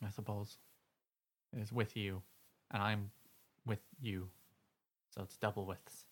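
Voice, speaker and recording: A man's voice: lowish voice, level tone, measured pace, breathy edge. A man co-hosting a podcast in casual banter, playful, with frequent laughter and mock-serious asides. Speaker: podcast co-host.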